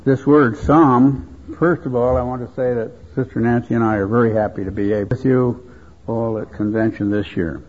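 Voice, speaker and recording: A man preaching a sermon at a convention, speaking in a slow, measured, reverent way. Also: mid-range voice, fairly even intonation, darkish tone. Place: convention hall. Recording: tinny phone-like convention recording.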